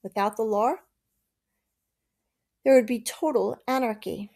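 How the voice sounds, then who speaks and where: A woman voicing a stern, quick-tempered lawyer father in a storybook reading. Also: fairly high pitch, vocal fry, a little mellow. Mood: brisk.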